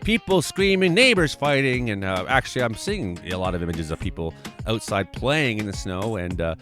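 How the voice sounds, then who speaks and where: A man's voice: lowish voice, animated, normal speed, fairly bright tone, faint music behind. A man hosting a weather show in rambling, sarcastic, profane live commentary. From Canada.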